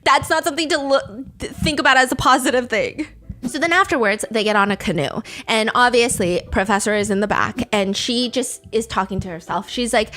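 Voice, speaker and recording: A woman in her thirties recapping a dating show in a casual storytime way. She is blunt, curses freely and laughs along with her own jokes. Her voice sits a bit on the high side. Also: fairly quick, bright, forceful tone. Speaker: storytime host.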